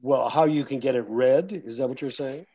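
A man's voice: medium pitch, fairly even intonation, brisk, dark tone, muffled recording, a little hiss or hum. A man who narrates audiobooks, talking casually to an audience in a rambling way with many restarts and fillers. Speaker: audiobook narrator and guest speaker.

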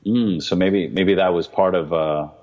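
A man co-hosting a casual movie recap, animated, mocking scenes in high put-on voices. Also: a little slow. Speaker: podcast co-host. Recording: dull sound with long reverb.

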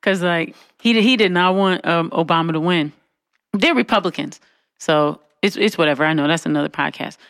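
A woman's voice: lowish voice, normal speed, a bit bright, no echo. Woman co-host, chatty storyteller who acts out quotes with laughs, recorded dry. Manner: conversational, with frequent "you know what I'm saying". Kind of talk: casual storytelling chat.

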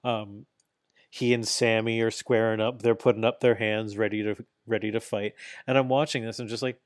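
A man's voice: lowish voice, level tone, moderate pace, no room sound, clean studio sound. A man in casual podcast chat, animatedly retelling events, acting out quotes, swearing now and then. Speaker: podcast co-host. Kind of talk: casual chat recapping wrestling.

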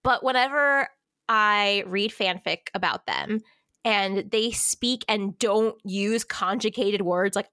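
A woman's voice: mid-range voice, slow, bright, forceful tone, no room sound, studio quality. A young woman co-hosting a casual book review chat, informal and swearing freely, laughing often. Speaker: podcast co-host, book critic.

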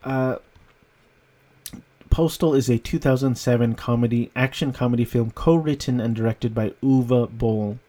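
A man's voice: mid-range voice, a little slow, dark tone. A man giving a casual, rambling movie review, amused and often breaking into laughter. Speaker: film reviewer.

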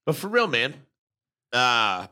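A man co-hosting a casual podcast chat, teasing dryly with deadpan asides. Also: mid-range voice, slow, clean tone. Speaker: podcast co-host.

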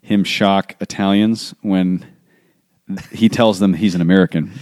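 Deep-voiced, mellow American man chatting. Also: a little slow, dry recording, clean studio sound. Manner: relaxed, chatty storytelling with fillers. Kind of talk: casual chat. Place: in Rome, Italy.

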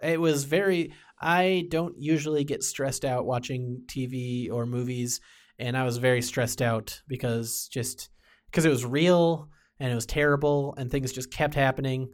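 A man's voice: mid-range voice, steady tone, moderate pace. A man chatting casually about TV shows, rambling with many fillers and restarts. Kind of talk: casual chat.

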